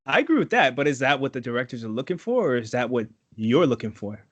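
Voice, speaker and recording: A man from Trinidad co-hosting a casual podcast, animated and profane, acting out quotes. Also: mid-range voice, quick pace, no room sound, muffled recording. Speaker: podcast co-host. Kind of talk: casual chat.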